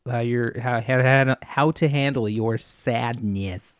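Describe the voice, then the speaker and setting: A man's voice: medium pitch, slow, smooth, no room sound, clean studio sound. A young man chatting casually with his girlfriend, rambling and joking about himself. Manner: rambling, self-deprecating, joking. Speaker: boyfriend in couple conversation. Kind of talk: casual couple chat.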